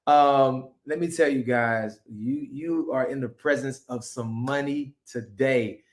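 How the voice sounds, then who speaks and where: A man hosting a live stream, hyped and upbeat, introducing guests in an excited chatty way. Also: medium pitch, slow pace. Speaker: host. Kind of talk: excited livestream chat.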